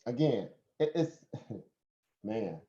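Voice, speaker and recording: A man's voice: medium pitch, very animated, slow, mellow. Southern American man preaching on a live stream. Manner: preachy, rhetorical questions, laughs often. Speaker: host. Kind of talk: casual live stream talk. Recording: roomy, dull lo-fi stream audio.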